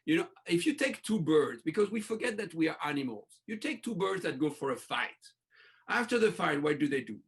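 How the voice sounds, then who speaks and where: High, gravelly man speaking passionately. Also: sing-song, a little fast. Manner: passionate, restarts phrases, speaks in bursts. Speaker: breathwork coach, podcast guest. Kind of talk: enthusiastic interview talk.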